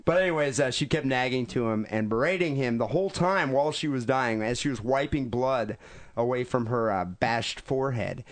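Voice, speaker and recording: A man's voice: mid-range voice, normal speed. A man co-hosting a podcast who retells a news story in an irreverent, joking way. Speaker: podcast co-host.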